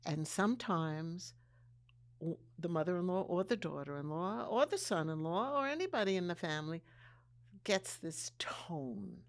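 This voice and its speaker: Older woman telling stories, lowish voice. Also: animated, normal speed. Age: 80s. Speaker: podcast co-host, mother-in-law. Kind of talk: casual conversation.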